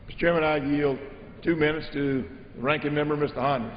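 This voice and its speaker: A man managing a floor debate as a legislator, speaking in a measured, halting way with many filler pauses. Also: fairly high pitch, steady tone, slight background noise. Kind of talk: formal floor debate speech. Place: large legislative chamber. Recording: dull audio in an echoing chamber.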